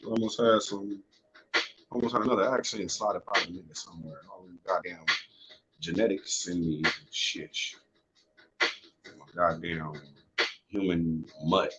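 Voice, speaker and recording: A man's voice: low-pitched, fairly even intonation, unhurried, long pauses. A young man hosting a casual, unedited podcast from home on earphones, talking loosely and with lots of swearing. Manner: loose, profane, rambling. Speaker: podcast host. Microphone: earphones headset. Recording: dull lo-fi home recording.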